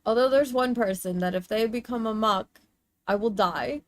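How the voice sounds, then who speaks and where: High-voiced woman gushing in baby talk. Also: normal speed, no room sound. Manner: gushing, coos in baby talk, swears casually. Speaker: streamer. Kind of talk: casual chat while showing pictures.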